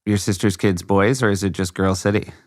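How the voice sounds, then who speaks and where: A man's voice: deep voice, fairly even intonation, a little fast, no echo. A man co-hosting a podcast, asking questions and making dry, joking asides. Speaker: podcast co-host. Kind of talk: casual chat.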